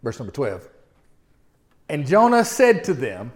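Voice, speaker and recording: A middle-aged man preaching a sermon. He speaks in a folksy, animated way and often turns to address the listeners directly. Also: sits high, fairly quick.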